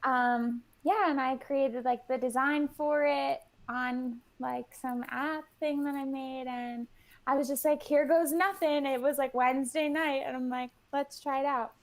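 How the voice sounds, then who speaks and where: A woman's voice: high voice, little pitch movement, unhurried. A woman guest in casual interview chat, bubbly and full of "like", acting out what she and others said. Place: New York.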